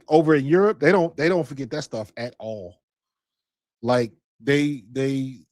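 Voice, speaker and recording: A man's voice: medium pitch, a little mellow, no room sound. A man hosting a sports podcast, chatting casually and rambling through a story in a laid-back way. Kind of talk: casual chat.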